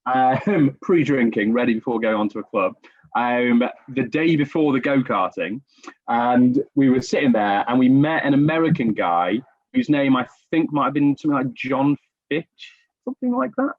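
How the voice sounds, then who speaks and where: A man's voice: mid-range voice, animated, moderate pace, no room sound. A man telling stories in a casual podcast chat, self-deprecating and chatty. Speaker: podcast guest. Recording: dull lo-fi recording.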